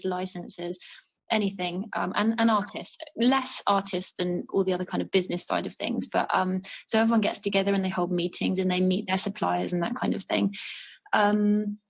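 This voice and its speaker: A woman singer chatting as an interview guest, talking in a rambling way with many fillers and restarts. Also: medium pitch. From England. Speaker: jazz and soul singer, guest. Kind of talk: casual interview chat. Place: living on the French Riviera.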